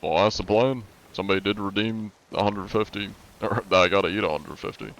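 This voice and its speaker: A young man streaming a game live, chatting in a relaxed way and answering his chat while he plays. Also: on the low side, fairly quick, vocal fry.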